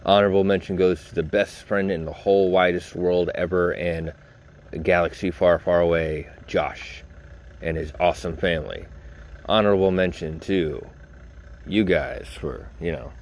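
Low-pitched male podcast host; loose, chatty, informal storyteller who talks right to his listeners. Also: slight background noise. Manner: rambling, informal, swears, talks straight to listeners. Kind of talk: casual storytelling.

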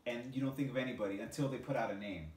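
A man's voice: medium pitch, rapid-fire, darkish tone, recorded from a distance. A young man co-hosting a casual podcast who swears freely and laughs easily. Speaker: podcast co-host. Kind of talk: casual chat. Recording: echoey room, voice from off-mic, faint ambience.

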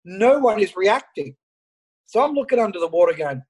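An Australian man, a fishing photographer, telling an animated story over an internet call and acting out the dialogue. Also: high-pitched, fairly quick, breathy edge, low-quality recording. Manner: animated anecdote, acts out dialogue. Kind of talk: casual storytelling.

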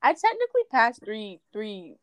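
A young adult woman hosting a podcast, telling stories in a chatty, animated way with lots of fillers. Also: on the high side, moderate pace. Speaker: podcast host. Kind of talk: casual chat.

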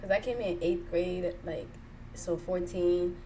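Low-pitched woman in her 20s from Kenya, candid and rambling, faint hiss behind. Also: steady tone, a little slow, dark tone, rough recording. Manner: candid, rambling with many fillers. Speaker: podcast co-host, interviewee. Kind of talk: casual chat.

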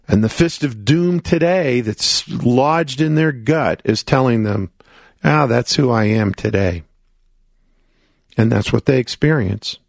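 A man with a gravelly, rough-edged voice hosts a motivational coaching radio show. He speaks emphatically, asks rhetorical questions and plays out his listeners' doubts in their own words. The sound is dry and close to the mic, with no room around it. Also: medium pitch, dry recording.

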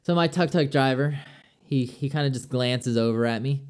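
A man's voice: medium pitch, normal speed, a little mellow. A young man casually telling a personal travel story, chatty and loose, full of "like" and "I'm like".

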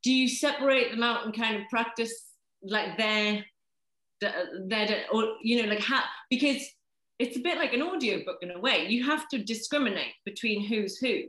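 Hesitant higher-voiced woman asking a question. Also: moderate pace, fairly bright tone, roomy sound, low-quality recording. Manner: hesitant, many fillers and restarts. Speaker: audience member asking a question. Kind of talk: casual Q&A talk.

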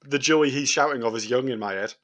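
A man's voice: mid-range voice, fairly quick, fairly bright tone. Wry man in casual chat. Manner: dry, wry, laughs at his own points. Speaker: podcast co-host.

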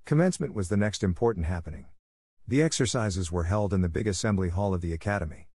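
A man narrating a classic novel as an audiobook, steady and measured, close to the mic. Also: sits low, husky, dry recording. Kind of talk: audiobook reading.

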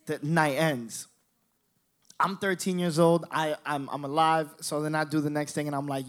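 Man, twenties, stand-up comedian, high voice, animated, profane, talks to the audience. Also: fairly quick. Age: 20s. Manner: animated, profane, addresses the crowd directly. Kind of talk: stand-up storytelling.

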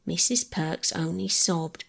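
A woman narrates a bedtime story in a gentle, measured way. Her voice is low and husky, with a gravelly edge. The telling is calm and unhurried. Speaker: audiobook reader.

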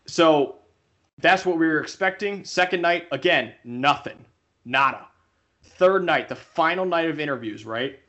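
A man's voice: a little high, measured pace, lo-fi sound. A young man co-hosting a podcast, telling a story casually and acting out the voices he quotes. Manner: animated, acts out quoted voices. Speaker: podcast co-host.

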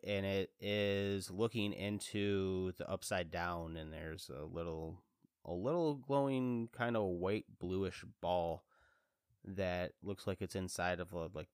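A man in his thirties hosting a casual talk show, rambling, self-deprecating and a little congested, jumping into lively reactions when he quotes himself. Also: sits low, measured pace, clear, resonant tone, no room sound, clean studio sound. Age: 30s. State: congested chest. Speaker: podcast host. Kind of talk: casual chat.

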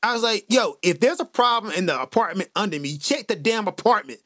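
A man's voice: high-pitched, animated, a little fast, sharp tone, no room sound, studio quality. A man hosting a casual podcast chat, telling stories animatedly, acting out quotes and laughing often. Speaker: podcast host. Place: lives in Japan.

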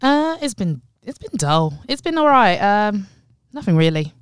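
A young woman chatting casually as a podcast co-host, an animated storyteller who laughs between points. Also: medium pitch, a little slow, smooth. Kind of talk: casual chat.

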